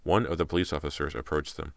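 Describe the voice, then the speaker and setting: A male audiobook narrator reads a thriller in a tense, dramatic way. His voice is exceptionally deep, and the recording is dry and close to the mic. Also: steady tone, fast, creaky, no room sound. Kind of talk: scripted narration.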